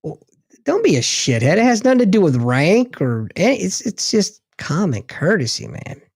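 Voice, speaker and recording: A man in casual chat, blunt and profane, telling his own stories with expressive delivery. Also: sits high, moderate pace, vocal fry, breathy edge, no echo, studio quality.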